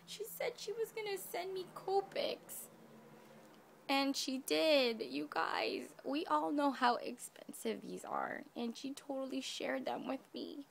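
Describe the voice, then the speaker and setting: Effusive woman with a gravelly edge. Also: sits high, animated, slow pace, noisy background. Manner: gushing, effusive, talks to viewers. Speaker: craft vlogger. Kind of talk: casual unboxing vlog.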